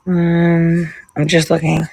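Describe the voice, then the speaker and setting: A woman's voice: fairly low pitch, monotone, slow, vocal fry, darkish tone, breathy edge. A woman hosting a livestream, chatting casually and rambling between stories, swearing freely. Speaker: livestream host. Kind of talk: casual chat with a co-host.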